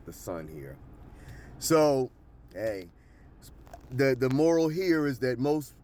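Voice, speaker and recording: A man's voice: medium pitch, darkish tone, a little hiss or hum. Emphatic man. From Baltimore, Maryland. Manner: emphatic, keeps checking in with "okay?" and "all right?". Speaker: history educator. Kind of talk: casual explanatory monologue. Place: outdoors in the sun.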